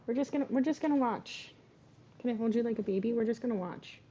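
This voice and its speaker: Woman live-stream host, husky and mellow, chatty and coaxing, slightly muffled stream audio. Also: fairly high pitch, fast. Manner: chatty, coaxing talk to her pets. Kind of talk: casual live-stream chat with play-by-play.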